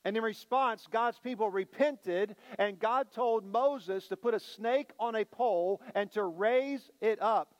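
A man preaching a sermon as a pastor, slowing down and building emphasis on key lines. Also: high voice, long reverb tail. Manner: preaching with dramatic slowdowns and rising emphasis.

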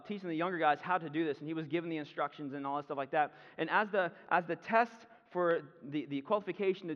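Man preaching in a reverberant church. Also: a little high. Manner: conversational preaching with asides. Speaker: pastor. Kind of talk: sermon. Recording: muffled sound with long hall reverb.

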